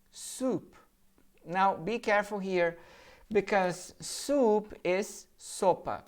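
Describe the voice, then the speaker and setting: Brazilian-accented woman, teacher running an English word drill, deep voice, slow and deliberate. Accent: Brazilian Portuguese. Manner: deliberate, models each word for repetition. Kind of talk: vocabulary pronunciation drill. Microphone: handheld or desk microphone.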